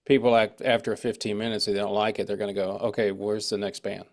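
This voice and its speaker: A man's voice: fairly low pitch, level tone, quick pace. Rambling middle-aged male host. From United States. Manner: rambling, anecdotal, with frequent restarts. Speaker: interview host. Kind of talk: casual interview chat.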